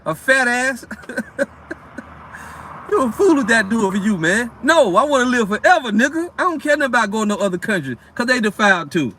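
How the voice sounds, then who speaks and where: A man's voice: very high-pitched, big pitch swings, bright, forceful tone, a little hiss or hum. A man preaching in a casual, blunt way, reading scripture aloud and breaking into profane, streetwise commentary. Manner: reads verses aloud slowly between rants.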